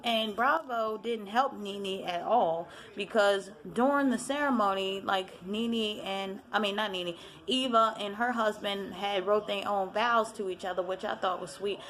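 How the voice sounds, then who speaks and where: A woman casually recapping a reality show episode in a lively, slangy way, acting out what the cast said. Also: mid-range voice. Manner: chatty, animated retelling with quoted voices. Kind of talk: casual chat.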